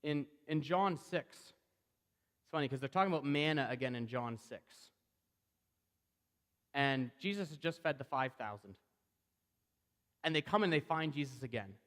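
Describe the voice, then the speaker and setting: A man preaching a sermon in a conversational, animated way, acting out the voices he quotes. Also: fairly high pitch, unhurried, pauses often, long reverb tail.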